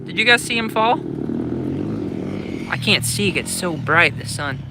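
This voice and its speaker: A man coaching a rider at an outdoor motocross track, giving blunt, urgent instructions and cheering loudly, recorded on a handheld phone. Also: sits high, lively intonation, measured pace, heavy background noise. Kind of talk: live-streamed riding coaching. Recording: loud motorcycle engines outdoors on phone.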